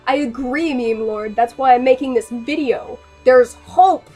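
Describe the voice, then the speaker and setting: A young adult woman in a casual, rambling rant to camera, excitable and quick to laugh. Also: sits high, breathy edge, faint music behind. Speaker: animator and vlogger.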